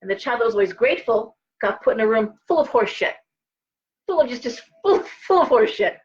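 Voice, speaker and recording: A middle-aged woman with a fairly high voice hosts a live tarot reading, chatty and rambling as she circles back over her points. She sounds tired, and the stream audio is dull and lo-fi. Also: animated, brisk. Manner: chatty, rambling, frequent restarts and asides. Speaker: host and tarot reader.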